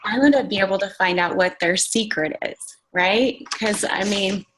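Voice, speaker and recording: On a group conference call, a fitness coach offers her takeaways in a casual, motivating way, saying "like" and "you guys" constantly while staying sincere. Her voice is medium-pitched and fairly bright at a moderate pace, though the audio is poor.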